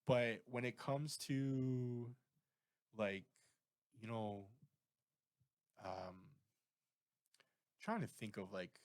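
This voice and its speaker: A man's voice: medium pitch, very slow, pauses often, no room sound, studio quality. A Canadian man co-hosting a podcast, chatting casually and rambling off on tangents. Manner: rambling, animated, goes off on tangents. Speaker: podcast co-host. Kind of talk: casual chat.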